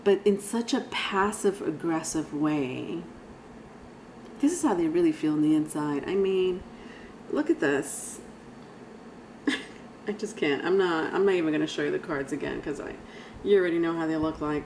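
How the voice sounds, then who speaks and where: Female tarot reader, low-pitched, chatty and rambling, speaking directly to her viewers. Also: a little slow, pauses often, darkish tone, slight background noise, rough recording. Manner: chatty, rambling, frequent sighs and laughs. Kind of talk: casual tarot reading.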